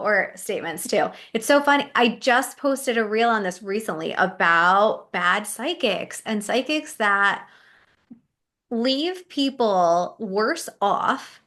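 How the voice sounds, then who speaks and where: A woman's voice: mid-range voice, lively intonation, slow pace, a bit bright. A woman hosting a spiritual podcast, chatting casually and agreeably with her guest. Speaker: podcast host.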